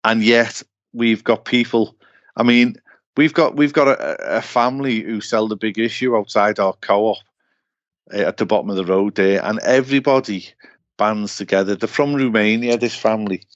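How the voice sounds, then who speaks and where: A man's voice: fairly low pitch, moderate pace, no room sound, highs cut off. A man co-hosting a casual podcast chat, blunt and sweary as he tells stories. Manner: blunt, sweary, animated storyteller. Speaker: podcast co-host.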